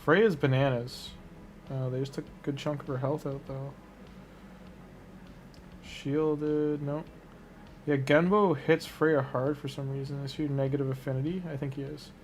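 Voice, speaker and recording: A man's voice: medium pitch, flat delivery, a little slow, long pauses, slight background noise. A man giving casual gameplay commentary, muttering and thinking aloud as he reacts to a game. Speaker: gaming streamer.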